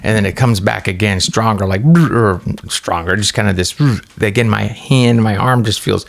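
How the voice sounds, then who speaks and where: Low, gravelly man telling a story. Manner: rambling, halting retelling with many restarts and fillers. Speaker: podcast co-host. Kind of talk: casual storytelling chat.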